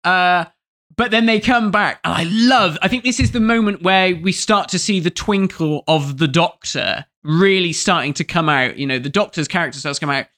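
A man's voice: high voice, normal speed, pushed and bright. A man co-hosting a podcast, chatting casually and animatedly, often laughing and quoting scenes. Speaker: podcast co-host. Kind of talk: casual chat review.

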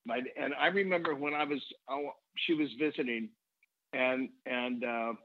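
A man's voice: mid-range voice, moderate pace, dry recording. Give me an older man recounting stories with energy, sounding like a phone call. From United States. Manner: animated storyteller, acts out quoted voices. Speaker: guest songwriter. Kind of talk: storytelling in conversation. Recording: tinny phone-like line.

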